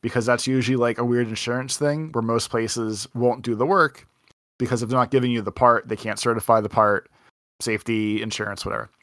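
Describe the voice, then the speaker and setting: Young dude rambling thru a story on a podcast, lots of "like", dry mic, no room. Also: male voice, mid-range voice, steady tone, a little fast, a bit bright, no room sound. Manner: rambling anecdote with lots of "like" and quoted dialogue. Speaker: podcast co-host. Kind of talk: casual storytelling chat.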